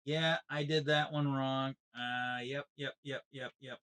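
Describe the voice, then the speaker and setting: A man's voice: medium pitch, fairly even intonation, a little slow, bright, forceful tone. A man streaming a game, chatting casually with viewers and telling rambling stories full of folksy sayings. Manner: chats with viewers by name. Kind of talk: casual chat while gaming.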